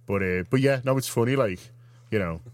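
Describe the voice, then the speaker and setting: A man's voice: medium pitch, brisk. A man, co-hosting a radio show and telling a rambling story in casual chat. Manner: rambling, self-interrupting storyteller.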